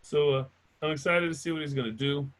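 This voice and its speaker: A man's voice: fairly high pitch, brisk, a bit bright. A man hosting a stand-up comedy show, introducing comedians with loose jokes and frequent laughter. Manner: loose, joking, laughs often.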